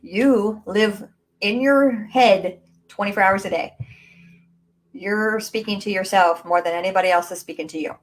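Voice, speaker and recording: A woman giving an emphatic live coaching talk with a middle-range voice, speaking straight to her viewers. She urges them on and repeats her points for weight. Her voice is picked up by a modest, low-quality mic. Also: normal speed. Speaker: mindset and business coach. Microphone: low-quality built-in mic.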